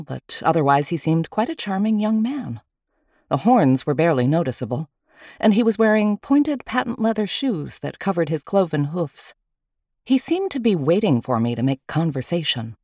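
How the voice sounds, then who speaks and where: A woman reading a first-person story aloud with a wry, lively manner. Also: low-pitched, moderate pace, no room sound, studio quality. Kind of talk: storytelling narration.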